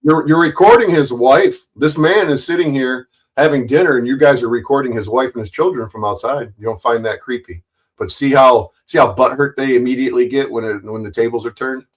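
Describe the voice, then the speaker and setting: A man's voice: medium pitch, brisk. Profane, confrontational male streamer ranting. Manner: profane, confrontational, stumbles and repeats words. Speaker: livestream commentator. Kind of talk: angry ranting commentary. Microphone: streaming mic.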